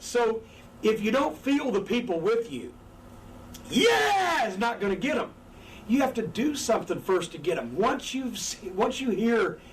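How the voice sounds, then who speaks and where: Frantic, profane high-voiced man. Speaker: former wrestling manager. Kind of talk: profane shoot interview. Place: sitting on a couch indoors. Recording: distant mic with faint background noise.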